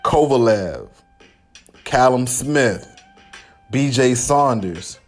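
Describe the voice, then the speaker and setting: A man's voice: mid-range voice, lively intonation, very slow, soft background music. A man hosting a podcast, talking casually about boxing in loose slang with laughing asides. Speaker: podcast host.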